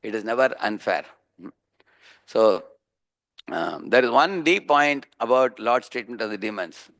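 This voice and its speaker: A man with an Indian accent delivers a sermon, his voice mid-pitched with a gravelly, fry-tinged edge. He teaches through homely stories, stops often to check in with a quick questioning "huh?", and slips into the voices of the people he describes. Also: expressive, fairly bright tone. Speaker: preacher giving a scripture class.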